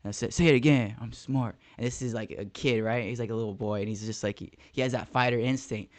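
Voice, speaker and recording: This young first-grade teacher has a medium-pitched voice and a quick pace; chatting casually on a podcast, he tells a story with animated energy and slang like "dog."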